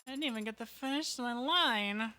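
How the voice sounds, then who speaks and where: A woman's voice: on the high side, normal speed, bright, forceful tone. A woman streaming a story game, reading its dialogue aloud at her microphone and laughing and swearing at it between lines. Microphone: desk microphone.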